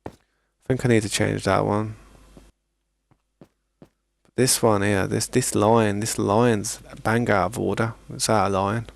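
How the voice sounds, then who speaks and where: A man's voice: on the low side, level tone, slow pace, creaky, long pauses. A man, chatting casually and rambling in a laid-back, slangy way as a gaming streamer. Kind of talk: casual gameplay chat.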